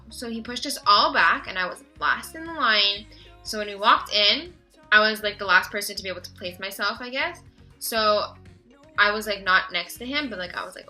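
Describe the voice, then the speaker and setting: A teenage girl telling a story in a casual vlog, gushing and excitable and talking fast. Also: a little high, faint music behind, rough recording. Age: teens. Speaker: vlogger.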